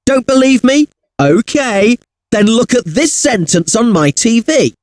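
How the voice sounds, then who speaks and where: A friendly punctuation tutor, bouncy up-and-down voice, dry close sound. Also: male voice, extremely high pitch, lively intonation, unhurried, no echo. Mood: chatty. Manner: upbeat, chatty, addressing the user directly. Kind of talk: scripted educational software presenting.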